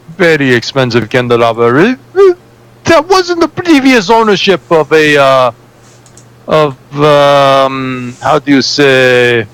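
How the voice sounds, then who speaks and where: A game master puts on a cowardly, shady fixer who rambles in a fake foreign accent and keeps pausing to hunt for the right words. The voice sits high and swoops widely, rising well above a plain speaking pitch. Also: male voice, fairly bright tone, clean tone, full character voice, rough recording. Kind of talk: tabletop role-play character voice.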